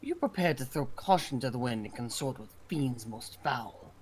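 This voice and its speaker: A woman's voice: rumbling low, lively intonation, moderate pace, a little mellow, a little hiss or hum, low-quality recording. A woman reading game dialogue aloud as a theatrical, scheming festival host who befriends fiends, with grandiose, archaic phrasing.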